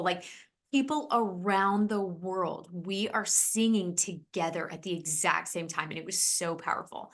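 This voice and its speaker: A woman podcast host telling a heartfelt personal story in an earnest, emotional way, rushing ahead in quick bursts. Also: fairly low pitch, fairly bright tone.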